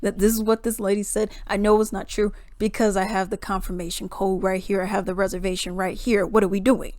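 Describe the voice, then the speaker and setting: A woman vlogger telling a story in a casual, animated, exclamatory way. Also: medium pitch, a little fast, no room sound, clean studio sound.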